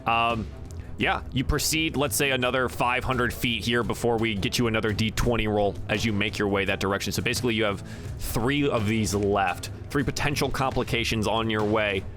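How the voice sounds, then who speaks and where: A man's voice: on the low side, a little fast, faint music behind. Chatty male dungeon master. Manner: relaxed, chatty, with frequent fillers. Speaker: game master. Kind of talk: narrating a tabletop game.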